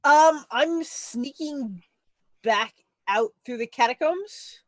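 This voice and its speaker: Woman player, kinda high voice, hesitant, dry close sound. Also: lively intonation, slow pace, no echo. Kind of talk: casual tabletop chat.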